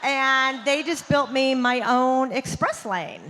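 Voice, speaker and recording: A woman performs stand-up on a theater stage, talking to the crowd in a chatty, punchy way. Her voice is bright and fairly high. Her mic sound carries a long reverb from the hall. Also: slow pace, a little hiss or hum. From Southern United States. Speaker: stand-up comedian. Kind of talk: stand-up comedy set.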